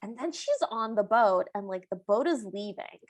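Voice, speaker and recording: A woman's voice: medium pitch, expressive, moderate pace. A woman co-hosting a podcast, chatting through a movie recap and voicing the characters' lines. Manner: bubbly, chatty retelling with voiced quotes. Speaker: podcast co-host. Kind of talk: casual movie recap chat.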